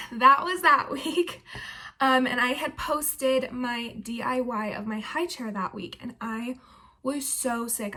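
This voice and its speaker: A woman's voice: a little high, sharp tone. A young woman vlogging casually about her pregnancy, chatty and full of "like" and "um" fillers. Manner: chatty, filler-heavy with frequent "like" and "um". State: heavily pregnant.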